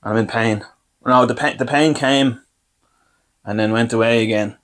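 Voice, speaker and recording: An Irish podcast host talks through his own mishaps in a loose, rambling way, poking fun at himself. His voice sits at an ordinary middle pitch for a man, and he slips into little acted-out exchanges as he goes. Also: fairly even intonation, moderate pace, a bit bright. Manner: rambling, self-deprecating anecdotes with acted-out quotes. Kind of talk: comic storytelling.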